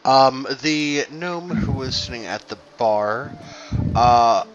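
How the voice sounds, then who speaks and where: A man's voice: medium pitch, expressive, slow, dull audio, slight background noise. A man acting as game master, casually explaining rules and narrating scenes. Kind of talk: running a tabletop game.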